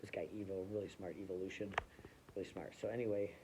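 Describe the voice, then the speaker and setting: A man's voice: low-pitched, fairly even intonation, fast, noisy background. A man telling a loose, rambling comic story in a casual way, full of fillers and restarts.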